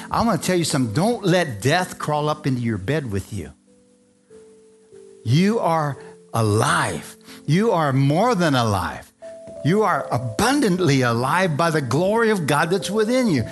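A man's voice: fairly high pitch, lively intonation, moderate pace, faint music behind. A man preaching a live sermon to a congregation, fervent and repetitive, often calling out to the crowd for an amen. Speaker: pastor. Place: church service before a congregation.

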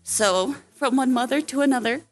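A mother speaking gently to a church congregation, with some hesitant ums and faint music behind. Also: high voice, normal speed. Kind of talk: short church address. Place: church service.

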